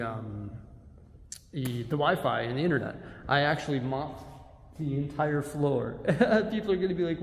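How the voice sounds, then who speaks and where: Holding the camera himself, a man rambles to his viewers in an exasperated casual vlog, starting in an empty building full of reverb and moving later to a big store. His mid-range voice is a little mellow, and the echoey room leaves a long reverb tail.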